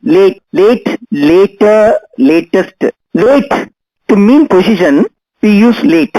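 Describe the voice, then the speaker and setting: A man teaching an English grammar lesson, speaking slowly and deliberately, spelling out letters and repeating each example word. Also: high-pitched, animated, warm tone, no echo, low-quality recording.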